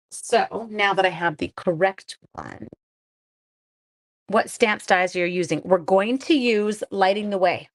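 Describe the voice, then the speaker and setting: On a low-quality recording, a middle-aged woman with a mid-range voice hosts a live-streamed card-making demo. Chatty and self-deprecating, she pokes fun at herself and keeps talking as she works.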